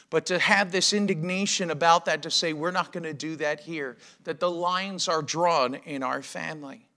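A middle-aged male pastor delivers a sermon with emphatic conviction, often turning to rhetorical questions. His voice sits high for a man and cuts through with a bright, forceful edge.

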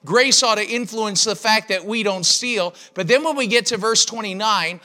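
A middle-aged male pastor preaches a sermon with emphatic conviction, frequently posing rhetorical questions. For a man his voice is high, with a bright, forceful edge that cuts through. He speaks at a normal speed and pauses little.

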